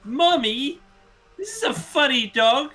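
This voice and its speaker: A bright, squealing little girl full of excitement, as a man puts her on in a tabletop role-play. Her voice jumps far up high and giggles along. Faint music plays underneath. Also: slow, exaggerated voice. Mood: delighted.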